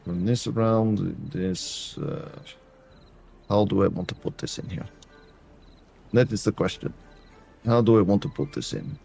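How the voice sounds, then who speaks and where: A variety streamer plays a building game and chats casually, addressing viewers by name as he goes. His deep, warm voice is unhurried, creaky, and slightly rough, with long pauses and soft background music.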